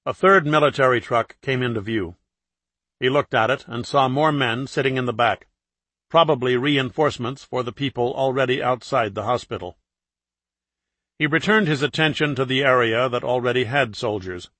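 A man with a mid-pitched voice narrates a thriller audiobook. His reading is steady and measured. The recording is dry, with no room sound. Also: dry recording.

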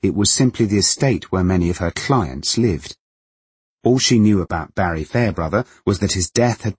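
A man narrating a novel in a measured, even manner. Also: sits low, husky, no room sound. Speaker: audiobook narrator.

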